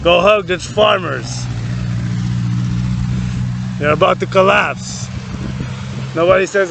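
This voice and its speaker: Brief: gravelly, slightly high-voiced man, rambling slow outdoor rant, faint traffic behind. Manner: rambling, laughing between lines, repeats words. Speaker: vlogger.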